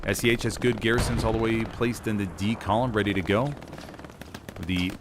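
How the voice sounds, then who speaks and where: A man doing live play-by-play commentary on a competitive shooter match, lively and prone to sudden exclamations. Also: lowish voice, brisk, noisy background. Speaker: competitive game caster. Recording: game gunfire and artillery clearly heard behind. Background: game gunfire and explosions.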